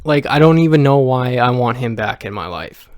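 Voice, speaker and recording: A man's voice: mid-range voice, expressive, normal speed, no room sound. A man venting emotionally to camera in a personal vlog rant, blunt and profane, rambling with restarts. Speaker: vlogger.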